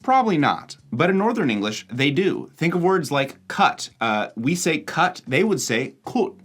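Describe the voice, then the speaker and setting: A young American man hosting and narrating, explaining things with examples in an animated voice-over. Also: fairly high pitch, moderate pace. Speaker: host and narrator.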